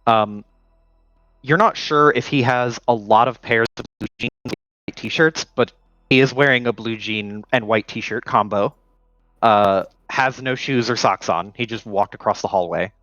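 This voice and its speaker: A man's voice: mid-range voice, a little slow, pushed and bright, dry recording, muffled recording. A man narrating as game master in a loose, filler-heavy way.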